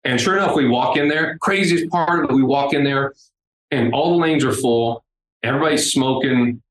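Man telling a lively story. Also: medium pitch, normal speed. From United States. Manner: animated, acts out the people in his story. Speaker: interview guest. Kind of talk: casual storytelling. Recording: roomy with faint background noise.

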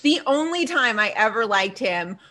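A woman's voice: a little high, normal speed. A woman co-hosting a podcast, casually recapping a TV episode and acting out the characters' lines with swearing and laughter. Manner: animated, acts out characters' lines, swears freely. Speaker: podcast co-host.

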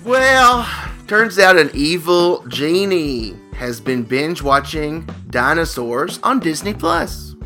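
A male comedy podcast co-host spins improvised scenarios in a playful, drawn-out telling. His voice is bright and slightly high, and it swings widely in pitch. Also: sing-song, soft background music. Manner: playful, drawn-out storytelling with sudden jumps in pitch.

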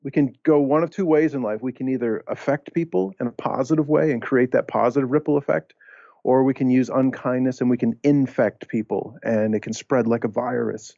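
Gravelly, dark-voiced earnest man. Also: medium pitch, no room sound, highs cut off. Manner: earnest, hesitant restarts. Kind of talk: reflective talk.

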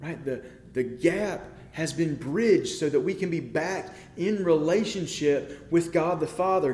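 A man's voice: a little high, darkish tone. Conversational male preacher in an echoey room. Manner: conversational, frequent "right?" asides, builds to emphatic peaks. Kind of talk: sermon.

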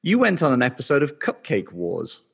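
A man's voice: medium pitch, wildly swooping pitch, normal speed, vocal fry, fairly bright tone, slightly rough. A man from England hosting an interview podcast, asking questions casually and giving short, encouraging replies. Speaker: podcast host.

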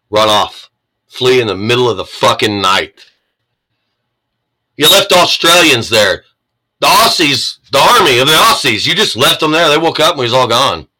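Reacting to news he's reading, a man from the United States rants with anger, sarcasm, and swearing about politics. His medium-pitched voice comes across pushed and bright on a low-quality recording.

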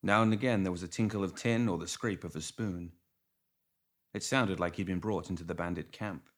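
A man narrating an audiobook in a steady, measured way. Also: deep voice. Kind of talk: scripted narration.

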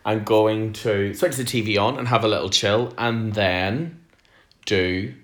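A man's voice: on the low side, steady tone, unhurried, a bit bright, a little hiss or hum. Chatty Northern Irish man, roomy sound. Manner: chatty, rambling, self-deprecating. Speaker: podcast host. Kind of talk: casual solo podcast monologue.

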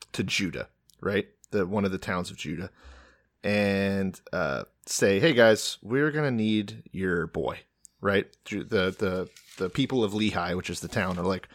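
A man's voice: sits low, a little slow, dry recording, studio quality. A man in casual podcast chat, making sarcastic jokes and asides.

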